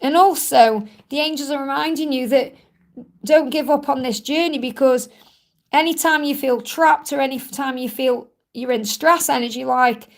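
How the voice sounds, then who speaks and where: A woman with a high voice reads tarot cards for viewers on a live stream. She reassures them and repeats her points. Her voice is a bit croaky from talking a lot. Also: moderate pace. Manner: reassuring, repetitive, reads viewer questions aloud. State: croaky from overuse. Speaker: tarot reader hosting a live Q&A. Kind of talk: live stream card reading.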